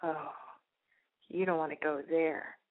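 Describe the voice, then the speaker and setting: A woman putting on the voice of a creepy, slow-talking male carriage tour driver, on a tinny phone-like recording. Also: low-pitched, fairly even intonation, voice pushed down. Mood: ominous.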